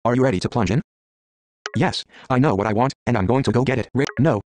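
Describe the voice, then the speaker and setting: A man's voice: mid-range voice, fast. A man reading an interactive story game aloud, stumbling, restarting, and muttering menu words between lines.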